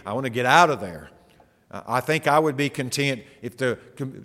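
A man's voice: medium pitch, fairly bright tone. Man preaching in a reverberant hall. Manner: earnest preaching with rhetorical questions. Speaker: pastor. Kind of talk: sermon. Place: church sanctuary.

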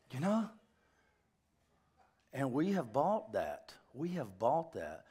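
A male pastor preaching a sermon in an animated, joking way, with rambling asides. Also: mid-range voice, slow, long pauses, husky.

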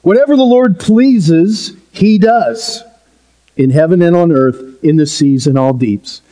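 Man preaching, high voice, unhurried, earnest and emphatic. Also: warm tone. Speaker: pastor. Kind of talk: sermon.

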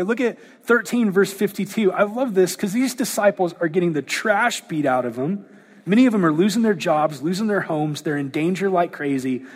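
Husky-voiced pastor preaching in a reverberant hall. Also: male voice, sits high, normal speed. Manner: animated preaching, acts out quoted voices. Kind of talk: sermon.

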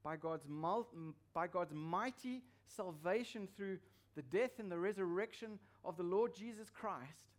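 A man's voice: high voice, measured pace, hardly any pauses. A man preaching a sermon as pastor, emphatic and repeating his key phrases for weight.

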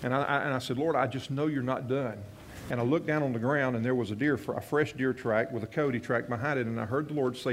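A man's voice: medium pitch, fairly even intonation, fast, slight background noise. A man preaching a sermon as a pastor, telling a personal story earnestly and often restarting his phrases. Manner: earnest, repeats and restarts phrases, voices quoted prayers softly.

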